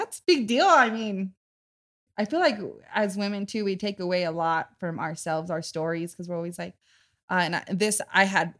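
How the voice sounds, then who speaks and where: A woman in her thirties hosts a relaxed podcast conversation. Her voice is bright and ringing, and she tells stories with energy, jumping up high when she acts out other people. She laughs often as she talks. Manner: animated storyteller, acts out voices with loud high bursts and laughter. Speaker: podcast host. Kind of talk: casual chat.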